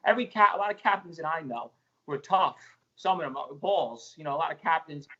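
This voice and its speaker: A man's voice: fairly high pitch, expressive, a little fast, pushed and bright, lo-fi sound. A man in a played podcast clip, talking bluntly with frequent restarts. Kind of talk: casual chat.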